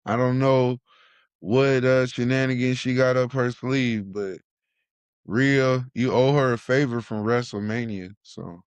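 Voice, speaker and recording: A man on a casual wrestling podcast, hyped and playful, throwing out slang and shout-outs. His voice sits at mid pitch and sounds smooth and clear. The recording is dry and close. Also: steady tone, a little slow, no echo. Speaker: podcast co-host.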